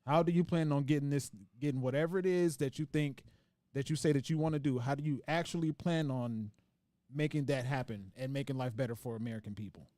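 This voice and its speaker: A man's voice: mid-range voice, fairly quick, dark tone, dry recording. Man rambling through a dry-sounding podcast chat. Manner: rambling, with frequent restarts; reads out viewer comments. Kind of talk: casual discussion.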